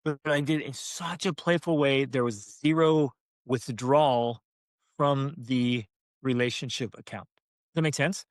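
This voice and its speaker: Man, parenting co-host, animated storyteller, mid pitch, dry room. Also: a little slow, no room sound. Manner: animated, acts out family voices. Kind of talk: casual storytelling.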